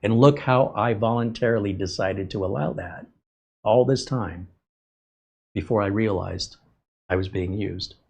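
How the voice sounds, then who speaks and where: A man's voice: fairly low pitch, measured pace, creaky, pauses often, a little mellow, breathy edge. A man hosting a tech livestream, talking in a candid, emphatic, rambling way about his own mistakes. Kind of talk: casual livestream talk.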